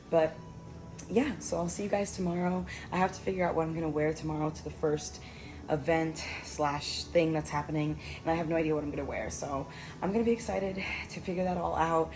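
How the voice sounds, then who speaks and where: A young travel vlogger from Maryland talks to the camera in a hotel room, chatty and upbeat with plenty of fillers, though at times she's fighting back tears. Her low voice is steady and fairly quick, heard slightly off-mic and at a distance in an echoey room with music behind.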